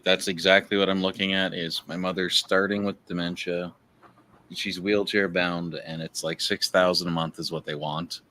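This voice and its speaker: A man with a low but bright, sharp-toned voice in a casual livestream chat. He speaks frankly, with a rueful edge and plenty of swearing.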